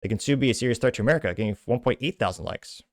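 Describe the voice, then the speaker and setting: Male podcast host, mid-range voice, quick scornful delivery, dry booth sound. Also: mid-range voice, dry recording. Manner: brisk, scornful commentary between read-out quotes. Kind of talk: reading out and commenting on social media posts.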